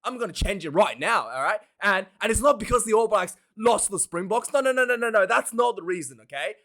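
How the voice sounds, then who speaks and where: A man hosting a casual rugby predictions vlog, talking in an animated, jokey, ranting way with loud outbursts. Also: high-pitched, fast. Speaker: rugby vlogger.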